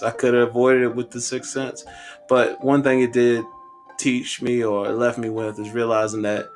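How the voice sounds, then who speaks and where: A man in his thirties telling a funny personal story on a podcast, animated and conversational. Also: mid-range voice.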